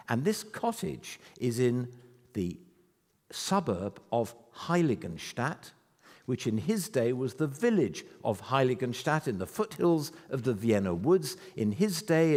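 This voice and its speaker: A man in his eighties giving an anecdotal, self-deprecating talk about his life to a festival audience. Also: on the high side. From United Kingdom. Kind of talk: storytelling lecture to a live audience. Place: festival venue before an audience. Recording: reverberant hall.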